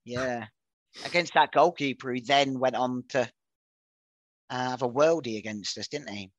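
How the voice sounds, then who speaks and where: A man hosting a casual football chat, chatty and laughing, often trailing off quietly. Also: mid-range voice, measured pace, dry recording. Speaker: podcast host.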